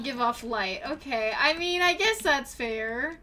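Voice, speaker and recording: A young woman livestreaming a game in casual chat, excitable and prone to gasping and squealing at what she finds. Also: sits high, a little slow, hardly any pauses, a little hiss or hum. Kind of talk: casual gaming stream chat.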